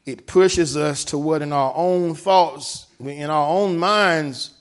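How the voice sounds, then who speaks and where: A man preaching a sermon. He reads from a text and explains it, and he often stops to ask "right?" His voice swings from hushed to loud, and he draws out the key words. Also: fairly high pitch, slow pace.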